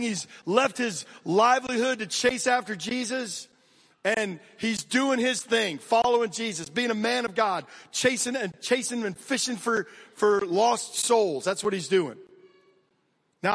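High-voiced American preacher in a reverberant hall. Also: male voice. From United States. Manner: energetic, conversational preaching with direct asides to the congregation. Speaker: pastor. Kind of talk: sermon.

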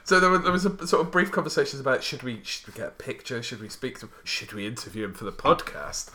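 Male podcast host, bright tone, hesitant chatty delivery. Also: mid-range voice, lively intonation, quick pace. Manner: rambling, hesitant with many fillers. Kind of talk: casual chat.

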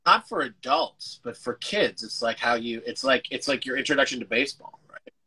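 Man rambling bright on a call. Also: medium pitch, sing-song, moderate pace, vocal fry, slightly rough, poor audio. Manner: rambling, self-interrupting, casual swearing. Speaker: actor guest. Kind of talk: casual interview chat.

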